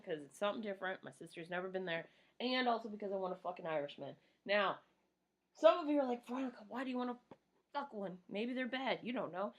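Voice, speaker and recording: A woman in her thirties vlogging casually while doing her makeup, rambling, swearing and poking fun at herself. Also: mid-range voice. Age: 30s. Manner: rambling, profane and self-mocking.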